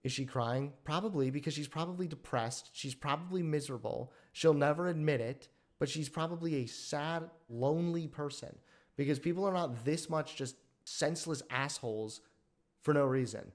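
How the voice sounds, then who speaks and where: A man's voice: a little high, moderate pace. A young man hosting a reaction commentary video, talking in a sarcastic, blunt and exasperated way.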